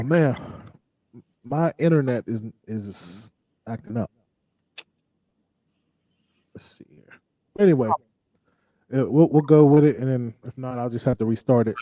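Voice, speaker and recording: A man's voice: mid-range voice, warm tone, no room sound. Easygoing man over dull dry call audio. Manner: teasing, laughing along, easygoing. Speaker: co-host. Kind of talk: casual chat on a video call. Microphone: video call.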